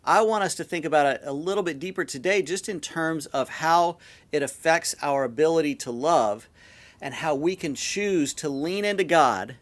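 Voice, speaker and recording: A man with a fairly high voice preaches a church sermon. He talks in a loose, chatty way and retells the story as he goes. He often restarts and repeats words while he finds the next thought. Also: moderate pace. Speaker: pastor.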